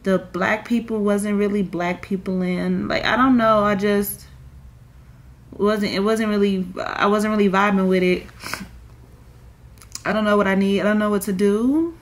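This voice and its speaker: A woman's voice: medium pitch, steady tone, unhurried. A young woman, crying and rambling in a confessional vlog with many fillers. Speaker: vlogger.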